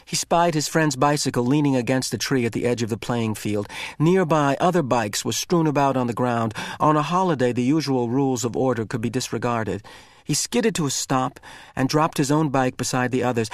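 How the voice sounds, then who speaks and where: A man reading a novel aloud with expressive, measured narration. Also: medium pitch, no echo, clean studio sound. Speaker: reader.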